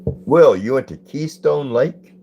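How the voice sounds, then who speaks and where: On a casual phone stream, the host takes things slowly, welcoming viewers by name and reading comments aloud in an easygoing way. His medium-pitched voice is animated and warm with vocal fry, though the audio is dull and has slight background noise.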